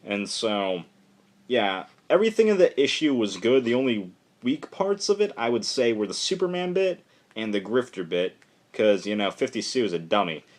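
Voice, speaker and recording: A man casually reviewing a comic book issue for a vlog, rambling and excitable, filling his talk with "like" and "just". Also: fairly low pitch, moderate pace.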